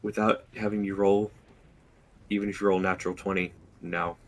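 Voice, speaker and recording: A man narrating a tabletop game as dungeon master, describing scenes slowly and deliberately with pauses. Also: deep voice, level tone, poor audio.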